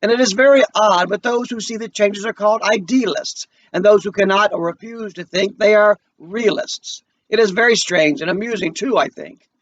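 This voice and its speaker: A man reading aloud as a calm, philosophical young African man, in a measured, reasoning delivery, on a muffled lo-fi recording. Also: high-pitched, recorded from a distance. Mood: reflective.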